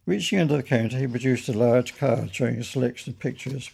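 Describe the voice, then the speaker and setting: A man, the author, reading his own children's story in a gentle, measured storytelling manner. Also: medium pitch, gravelly, slightly rough.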